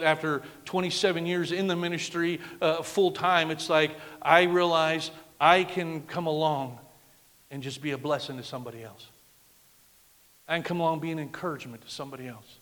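A middle-aged man preaching a sermon as a guest pastor, emphatic, swinging from loud declarations to hushed lines. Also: on the high side. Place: church sanctuary. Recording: long reverb of a large church hall.

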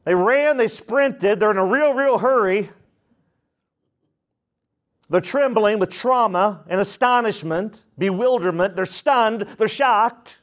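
A man's voice: sits high, slow. A man preaching a sermon as pastor, with emphatic repetition and questions put to the congregation.

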